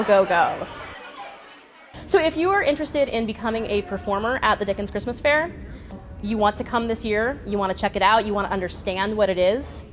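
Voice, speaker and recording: A woman's voice: medium pitch, noisy background. A woman who teaches workshops, talking enthusiastically about performing at a fair.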